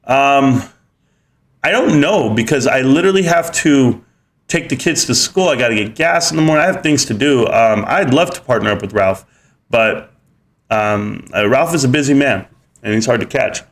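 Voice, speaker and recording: Guy in his 30s doing a live stream, rambly and upbeat, reads chat, average pitch. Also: moderate pace. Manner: rambling, upbeat, many fillers, gets louder and higher when excited. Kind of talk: casual live stream chat, reading viewer comments.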